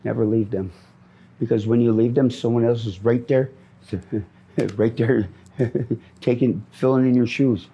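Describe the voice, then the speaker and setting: Middle-aged guy from minnesota, husky dark voice, rambles and repeats, angry streak. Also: medium pitch, steady tone, measured pace, dull audio. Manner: rambling, angry, repeats himself, says "man" a lot. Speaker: interviewee. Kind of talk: street interview. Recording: outdoor street interview.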